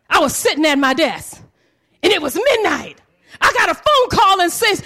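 A woman preaching a sermon with impassioned, rhythmic, repetitive phrasing. She swings from low murmurs to shouted cries. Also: very animated, measured pace.

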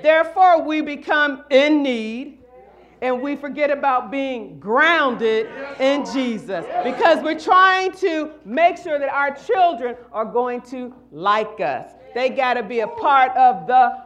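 A middle-aged woman preaching a sermon in a high voice, taking her time with each phrase. She calls to the congregation and climbs into shouted refrains. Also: slow pace. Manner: call-and-response, rising to shouts.

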